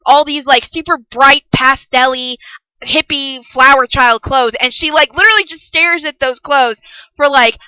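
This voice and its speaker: A young woman giving a casual spoken book review, passionate and ranting, who repeats herself for emphasis and yells about parents. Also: sits high, normal speed, no room sound, low-quality recording.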